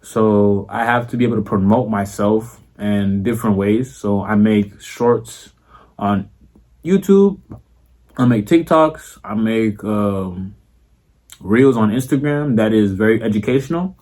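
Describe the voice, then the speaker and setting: A young content creator with a Florida accent talks casually to the camera, profane and full of slang and filler tags, and he keeps repeating "you feel me." His voice is lowish, unhurried and a little mellow.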